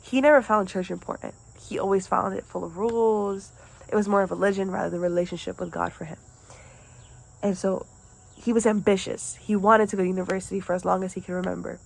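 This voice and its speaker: A young woman retelling a parable for a class, then reflecting on it in an earnest, halting way with restarts. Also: medium pitch, steady tone, creaky, low-quality recording. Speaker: student presenter.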